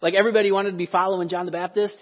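A man's voice: sits high, little pitch movement, rapid-fire. A man preaching a sermon as pastor, talking in a conversational, storytelling way. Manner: conversational storytelling, acts out quoted voices. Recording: echoey hall, dull lo-fi sound.

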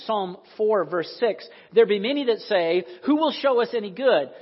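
A man's voice: high-pitched, expressive, moderate pace, few pauses, slightly rough. A man preaching a sermon as pastor, talking conversationally and asking the congregation questions. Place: church sanctuary. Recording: echoey hall, dull sound.

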